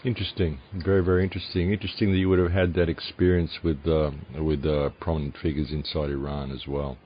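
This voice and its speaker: A man hosting an interview, musing aloud and asking questions in a measured way. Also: very deep voice, level tone. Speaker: host. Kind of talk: remote interview conversation. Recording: dull lo-fi audio with faint noise.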